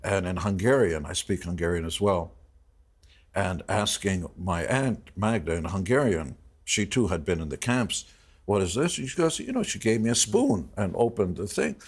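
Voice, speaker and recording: A man, a guest in an interview, telling a personal story in a reflective, halting way full of restarts. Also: low-pitched, animated, husky. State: emotional.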